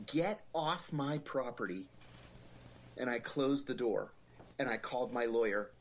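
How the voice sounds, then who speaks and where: A middle-aged man, an interview guest, telling stories in a wry, animated way and acting out the people he quotes. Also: mid-range voice, unhurried, slight background noise. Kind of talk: storytelling in an interview.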